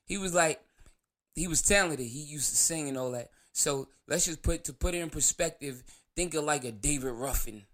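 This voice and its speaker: A man's voice: on the high side, normal speed, a bit bright. Rambling man telling a story. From New York. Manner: rambling, laughs through the story, loose profanity. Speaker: show host. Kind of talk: casual storytelling monologue.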